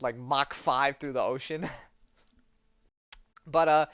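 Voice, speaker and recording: A man's voice: medium pitch, slow pace, clean tone, no room sound, lo-fi sound. A man hosting a podcast, retelling a comic in a casual, jokey way with lots of fillers. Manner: animated, jokey storyteller with many fillers. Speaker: podcast host.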